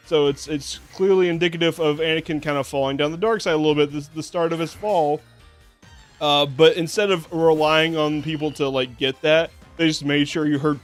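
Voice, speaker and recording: A man's voice: fairly high pitch, moderate pace, faint music behind. A man streaming a game and chatting casually, rambling with lots of fillers and restarts, sarcastic and swearing now and then. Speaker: VTuber streamer. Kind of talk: casual gameplay commentary.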